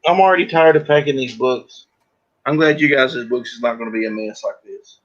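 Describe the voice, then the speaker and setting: A man hosts a casual livestream while packing books, rambling, joking with viewers and a guest, and breaking into laughter. His mid-range voice moves a little fast, and the recording sounds muffled.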